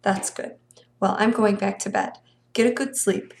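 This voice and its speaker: A shy, motherly country woman, put on by a woman reading aloud. She speaks softly and a little awkwardly in folksy words, and the voice has some gravel in it. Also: mid-range voice, fairly even intonation, normal speed, a little hiss or hum, lightly acted. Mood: tender. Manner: soft, awkward, folksy speech.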